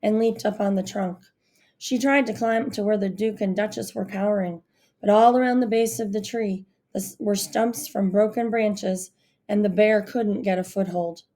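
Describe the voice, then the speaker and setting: A woman reading a novel aloud as narrator in a steady storytelling manner. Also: medium pitch, normal speed. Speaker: audiobook narrator. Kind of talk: scripted narration.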